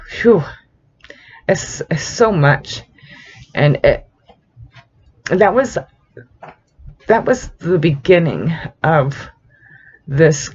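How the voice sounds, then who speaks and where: A middle-aged woman hosting a faith talk, sharing a personal reflection in an earnest, emotional, halting way with soft laughs. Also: sits low, slightly rough. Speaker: host of a Bible study channel. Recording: slightly dull lo-fi sound.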